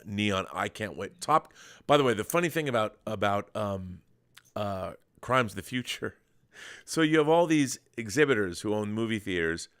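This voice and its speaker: A man's voice: lowish voice, lively intonation, moderate pace, fairly bright tone, clear, resonant tone. A middle-aged man hosting a podcast, chatting casually and enthusiastically about films, rambling with restarts. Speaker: podcast host. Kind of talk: casual film chat.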